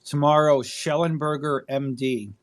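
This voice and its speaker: Host type: man, slightly higher voice, jokey, profane, reads posts aloud over a phone app. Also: steady tone, measured pace. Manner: irreverent, jokey, swears freely. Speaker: discussion host reading a thread aloud. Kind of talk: casual online audio chat. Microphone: phone app audio room.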